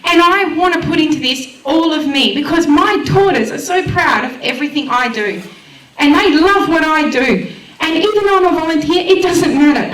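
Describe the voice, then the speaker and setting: An Australian woman speaking to a community event crowd, heartfelt and enthusiastic as she pitches her volunteer radio station. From Western Australia. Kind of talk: emotional public speech at a launch event. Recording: echoey room, voice far from the mic.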